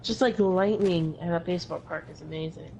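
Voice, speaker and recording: A woman's voice: fairly low pitch, brisk, mellow, slight background noise, poor audio. Tired, chatty woman gamer. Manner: chatty, swears casually. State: tired, yawning. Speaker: co-player on a gaming stream. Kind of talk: casual chat while gaming.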